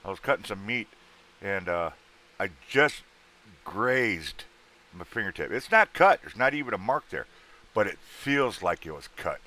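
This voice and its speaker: A man's voice: low voice, lively intonation, a little slow, pushed and bright. A man hosting a casual livestream, chatting loosely with viewers, greeting them by name and joking around, his voice a little worn. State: voice worn out from an earlier show. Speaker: livestream host.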